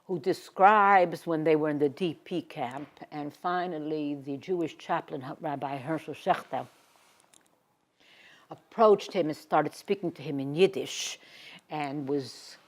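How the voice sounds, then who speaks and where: A woman giving a Torah lecture. She reads Hebrew verses and then translates them, sinking to a hushed whisper on emotional words. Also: sits low, lively intonation, a little slow. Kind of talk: expressive Bible lecture.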